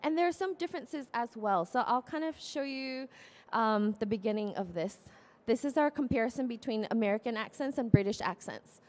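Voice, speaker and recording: A woman's voice: fairly high pitch, lively intonation, brisk, darkish tone. Chatty Southern Californian woman teacher. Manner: chatty, filler-heavy, upbeat. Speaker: ESL teacher presenting her videos. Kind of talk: conference demo talk.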